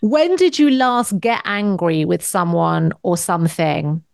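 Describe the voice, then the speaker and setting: A woman hosting a podcast, a psychotherapist, asking questions and reflecting in a gentle, teasing way. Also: on the low side, measured pace, creaky, no room sound, studio quality. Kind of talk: casual interview chat.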